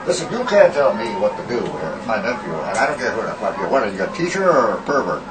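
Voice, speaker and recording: A man's voice: on the low side, sing-song, quick pace, over a noisy crowd. A man playing a crude, blustering uncle who swears heavily at a teacher in an improvised comedy sketch. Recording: echoey, distant, noisy amateur recording.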